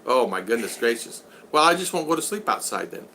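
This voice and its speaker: Man, livestream host, animated pitch, bright sharp tone, joking and rambling, reads viewer comments aloud. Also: fairly quick, creaky, slight background noise. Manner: rambling, jokey, laughs often, retells stories with quoted voices. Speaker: live stream host. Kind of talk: casual live chat reading viewer comments.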